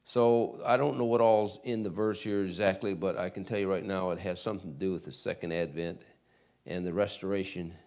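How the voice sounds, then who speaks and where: A man from Michigan with a Michigan American accent, teaching Sunday school in a church classroom, reading scripture verses slowly and loudly between casual asides. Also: low-pitched, fairly even intonation. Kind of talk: Bible lesson reading scripture aloud.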